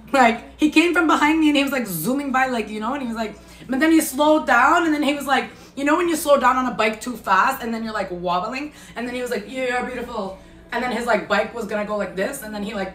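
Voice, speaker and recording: A woman's voice: on the high side, fast, fairly bright tone. A woman hosting a casual livestream from her kitchen, eating and chatting with viewers in a blunt, profane, laughing way, recorded on a phone. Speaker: livestream host. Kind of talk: casual chat while eating. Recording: echoey room with faint music.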